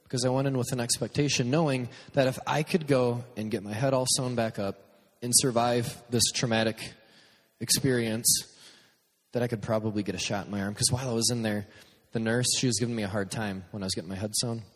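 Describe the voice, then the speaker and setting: A man's voice: mid-range voice, fairly even intonation, brisk, in a large hall. A man hosting a podcast, giving a message through humorous, self-deprecating personal stories and acting out what people said. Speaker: youth speaker and podcast host. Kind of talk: storytelling sermon.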